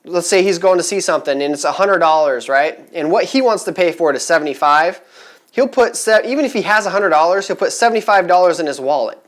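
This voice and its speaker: A man talking casually to camera in a vlog, chatty and rambling with many fillers, upbeat and eager. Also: fairly high pitch. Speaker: vlogger giving resale advice.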